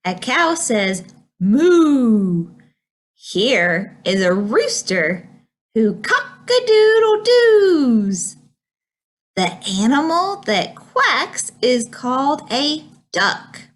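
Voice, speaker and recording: A woman reads picture books aloud for preschoolers, very slowly, in a sing-song voice. Her pitch sits somewhat high and swings widely as she acts out animal sounds. The tone is soft and a little breathy. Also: big pitch swings. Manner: slow, sing-song reading with animal noises. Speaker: children's librarian. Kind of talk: preschool storytime read-aloud.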